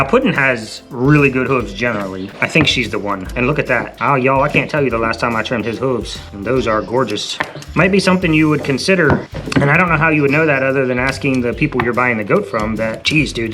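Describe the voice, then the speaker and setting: A man's voice: mid-range voice, a bit bright. Chatty man talking to goats. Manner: chatty, affectionate with the animals, laughs easily. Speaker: goat farmer and channel host. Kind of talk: casual farm vlog.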